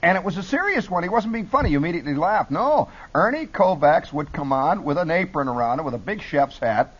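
Man, husky, middle-aged, lively pitch, muffled broadcast sound. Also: fairly quick. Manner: lively, jumps between put-on radio voices. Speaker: talk show guest telling stories. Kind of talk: animated storytelling. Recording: dull lo-fi broadcast audio.

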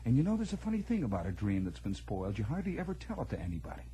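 A man telling a personal story in a radio monologue, animated and chuckling as he acts out family dialogue. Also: medium pitch, rapid-fire, a little hiss or hum, rough recording.

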